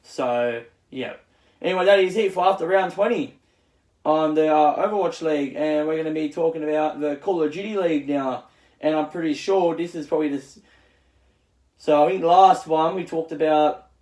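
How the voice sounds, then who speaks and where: Halting man with fillers, echoey room. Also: on the high side, a little mellow. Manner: halting, full of fillers and restarts. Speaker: channel host. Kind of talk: casual esports results recap.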